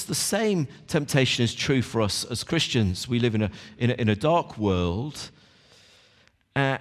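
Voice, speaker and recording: A male preacher of middle pitch gives a morning sermon in an informal, chatty way, often turning to his listeners. His voice rings out with a long, echoing reverb from a church hall. He sounds like he is talking with the people in front of him rather than reading to them. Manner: conversational, talks straight to the congregation.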